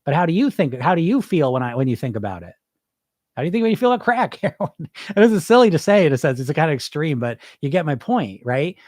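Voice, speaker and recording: A middle-aged weight-loss coach hosts a live podcast, answering listeners bluntly and informally with plenty of rhetorical questions. His slightly mellow voice sits on the high side, and he talks fast and with great animation. The studio sound is clean, with no room noise.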